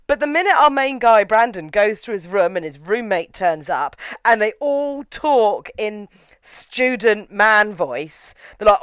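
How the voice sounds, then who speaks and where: A young woman reviewing a horror film in casual chat, animated and opinionated with quick asides. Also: mid-range voice, clean tone, no echo. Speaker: film reviewer, podcast co-host.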